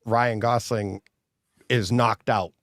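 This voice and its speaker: On a podcast, a male co-host trades casual chat and lively stories amid plenty of laughter. He speaks slowly in a somewhat low voice, recorded at studio quality with no room sound.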